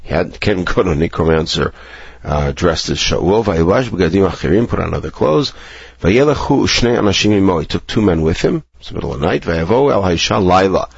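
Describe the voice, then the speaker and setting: Deep gravelly male teacher reading scripture. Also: animated, brisk, no echo. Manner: reads the Hebrew then explains it, lifting pitch for quoted speech. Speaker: Bible teacher. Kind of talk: text study lesson, reading and translating verse by verse. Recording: dull, lo-fi recording.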